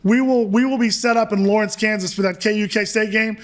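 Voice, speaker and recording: High-voiced excitable male podcast host. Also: fairly quick. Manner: excitable, repeats words. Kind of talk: casual chat and sponsor reads.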